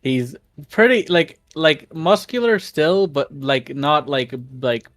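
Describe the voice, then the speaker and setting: A man's voice: fairly high pitch, animated, slow, fairly bright tone. A man playing a tabletop game, talking casually and rambling, laughing often. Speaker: player.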